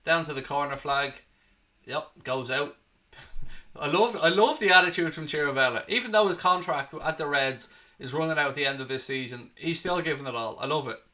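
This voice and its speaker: A man from Ireland hosting a fan channel, giving excitable, blunt and sweary live watchalong commentary on a match. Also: a little high, normal speed.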